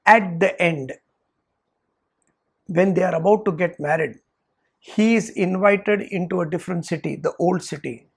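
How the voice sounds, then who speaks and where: A Vedanta teacher speaks in a gravelly, slightly husky voice. The teacher retells a story to make a point, breaking into short quoted lines for each character. The tone stays that of a lecture. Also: mid-range voice, measured pace, long pauses.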